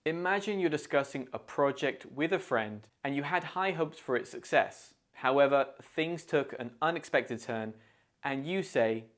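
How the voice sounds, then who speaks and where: A man with a British accent presenting a scripted English idiom lesson, explaining each phrase clearly and modelling its pronunciation. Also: medium pitch, expressive, a bit bright. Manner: clear, deliberate, pronunciation-focused teaching. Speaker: English teacher.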